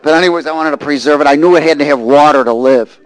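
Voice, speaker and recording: A man preaching a sermon, reading scripture and telling a lively personal story. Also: on the high side, fast talker, no echo, poor audio. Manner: animated storytelling, rising to shouts and laughter.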